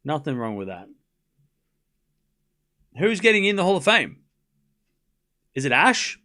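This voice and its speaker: A man's voice: on the high side, big pitch swings, unhurried, bright, forceful tone. Sarcastic man chatting to stream viewers. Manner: sarcastic, teasing, rambling with restarts. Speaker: streamer hosting a tennis watchalong. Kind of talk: casual live-stream chat answering viewers.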